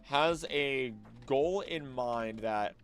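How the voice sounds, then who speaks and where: A young man on a relaxed late-night stream, chatting at a middle pitch and musing aloud. He wanders off topic and restarts his sentences often. Soft music plays quietly behind him. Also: very slow. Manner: rambling, easily distracted, musing aloud with many restarts.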